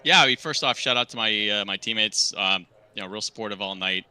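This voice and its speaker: This is a race-winning driver from Massachusetts in a rambling post-race interview, stopping for fillers as he goes. His voice sits a little low. He talks fast, with a very sharp, tense tone. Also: clear, resonant tone. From Medford, Massachusetts. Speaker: race winner being interviewed.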